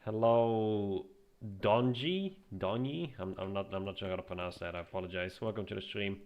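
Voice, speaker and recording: Man, low voice, casual gameplay commentary, relaxed, thinking aloud, desktop mic. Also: a little fast, clean tone. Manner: relaxed, musing aloud with frequent restarts. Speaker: streamer.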